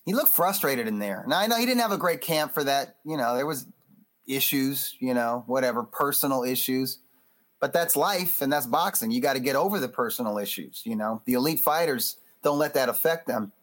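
A man who is a boxing magazine editor, chatting loosely as a podcast guest, animated and full of restarts. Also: medium pitch, fairly quick. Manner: animated, loose, acts out quotes; frequent restarts and fillers. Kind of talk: casual interview chat.

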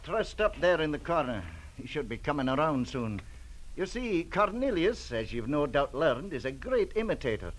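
A man's voice: a little high, big pitch swings, normal speed. An actor playing a Scottish man with a thick brogue and an earnest manner, in 1940s radio drama. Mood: wry, explaining. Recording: old radio broadcast with faint hiss.

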